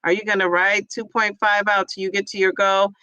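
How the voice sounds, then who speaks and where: A woman's voice: medium pitch, little pitch movement, fairly quick, bright, forceful tone, smooth, no room sound, lo-fi sound. A woman hosting a casual livestream, chatty and effusive as she cheers on her viewers and answers their comments. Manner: chatty, rambling with fillers. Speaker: livestream host reading viewer chat. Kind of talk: casual live chat.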